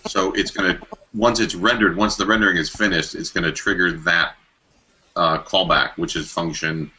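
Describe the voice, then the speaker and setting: A man's voice: low voice, fairly even intonation, moderate pace, sharp tone, slight background noise. A man co-hosting a podcast, chatting casually about tech with dry jokes. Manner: dry joking, matter-of-fact. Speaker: podcast co-host.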